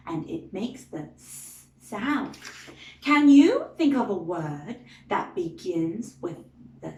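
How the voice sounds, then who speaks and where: A woman teaching a phonics lesson to young children, drawing out letter sounds and praising often. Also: medium pitch. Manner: slow, drawn-out sounds, encouraging praise. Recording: roomy echo.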